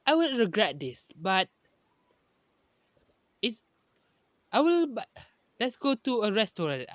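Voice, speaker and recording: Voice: medium pitch, big pitch swings, takes it slowly, no room sound, dull audio. A narrator voicing an eager, polite young hero boy who stumbles as he talks. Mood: cheerful. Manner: hesitant, stumbling speech.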